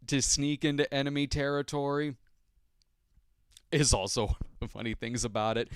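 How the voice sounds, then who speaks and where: A man's voice: lowish voice, smooth, no echo. A tired man hosting a podcast, chatting loosely about movies with laughs and fillers, close to the mic. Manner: animated, laughs between thoughts, loose fillers. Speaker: podcast host. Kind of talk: casual rambling movie chat.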